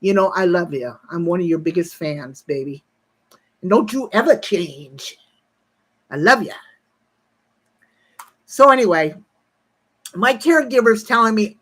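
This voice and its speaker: A woman's voice: medium pitch, expressive, normal speed, long pauses, fairly bright tone. A woman in her sixties on a casual livestream, telling a rambling, profane story and breaking off to greet viewers in the chat. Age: 60s.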